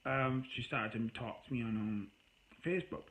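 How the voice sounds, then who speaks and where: A man's voice: mid-range voice, moderate pace, a bit bright, rough recording. A tired man telling a personal breakup story to camera, rambling and weary, breaking into angry bursts. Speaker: vlogger.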